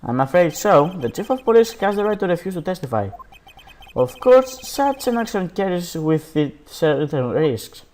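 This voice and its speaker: A man's voice: high voice, sing-song, normal speed, darkish tone, a little hiss or hum. A man voicing a boisterous, smug older police chief from a game with a jovial, mocking manner. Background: background game music.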